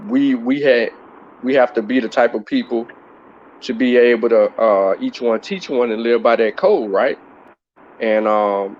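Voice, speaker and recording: A man speaks at a middle pitch as he hosts a loose livestream chat. He circles his points with restarts and filler phrases. The sound is muffled and lo-fi. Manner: rambling, many restarts and "you know what I mean". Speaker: host. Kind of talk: casual livestream discussion.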